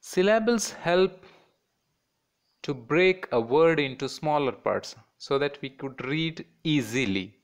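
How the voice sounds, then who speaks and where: A man's voice: a little high, animated, takes it slowly. A man teaching a children's class in Indian English, patiently repeating words and breaking them into syllables.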